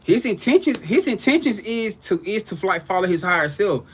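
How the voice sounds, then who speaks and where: A man's voice: high-pitched, sing-song, normal speed, noisy background. A man doing a casual live-stream tarot reading, greeting viewers and laughing often. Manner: loose, slangy, greets chat viewers by name, laughs often.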